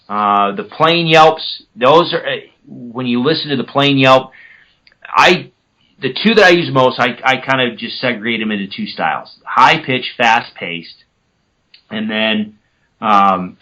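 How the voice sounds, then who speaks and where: Bright-voiced man explaining turkey calls. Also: medium pitch, unhurried, muffled recording. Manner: imitates turkey yelps with his own voice; conversational, self-correcting. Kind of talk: casual podcast explanation.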